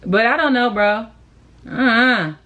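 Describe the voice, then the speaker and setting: A young woman vlogger venting in an animated, sassy, exasperated way, chatting casually while doing her makeup. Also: a little high, measured pace, muffled recording. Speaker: beauty vlogger.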